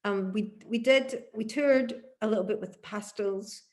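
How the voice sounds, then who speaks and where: A Scottish woman in her fifties, a musician looking back on her life in an oral history interview, telling lively stories and laughing often. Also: mid-range voice, normal speed. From Glasgow, Scotland. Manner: animated storyteller, laughs often.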